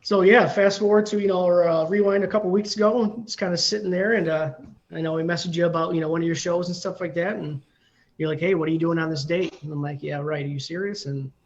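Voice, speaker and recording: A man's voice: on the high side, steady tone, fast talker, muffled recording. A man in his forties, a firefighter guest, telling a story casually with many ums and you-knows.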